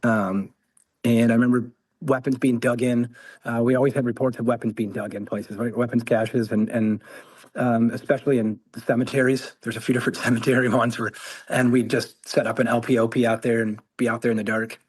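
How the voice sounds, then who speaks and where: A man in his forties recounts his time as a Marine in easygoing conversation. He talks in an ordinary mid-range voice, but his delivery is animated, full of laughter and quick acted-out quotes. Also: mid-range voice, husky. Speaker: guest, former Marine. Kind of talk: conversational storytelling.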